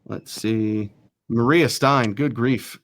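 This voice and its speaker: A man hosting a casual sports talk show, rattling off rankings quickly with self-deprecating asides. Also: medium pitch, no echo. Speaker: host.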